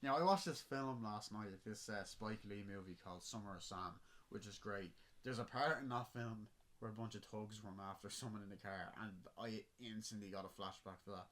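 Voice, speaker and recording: An Irish-accented podcast host spins a long, rambling story on a casual show, swearing freely and laughing at his own tale. His voice is lowish and fairly bright, at a moderate pace.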